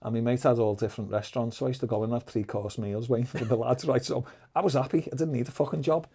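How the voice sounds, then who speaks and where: A middle-aged man, a podcast guest telling lively, profane anecdotes in casual storytelling. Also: medium pitch, quick pace, slightly rough. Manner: swears freely, lively anecdotes.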